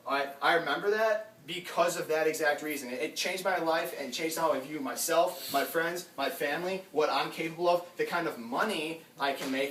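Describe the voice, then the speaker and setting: Young man pitching in an echoey basement. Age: young adult. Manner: energetic, addresses crowd directly, acts out quoted dialogue. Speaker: recruiter pitching to a group. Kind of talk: sales pitch to a small audience. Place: house basement room. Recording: echoey room from far off, faint noise.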